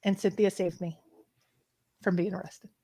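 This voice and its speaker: A woman co-hosting a treasure hunt livestream, retelling events in an emotional, animated way with many restarts. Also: on the low side, moderate pace. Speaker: treasure hunt show co-host. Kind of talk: casual livestream chat, storytelling.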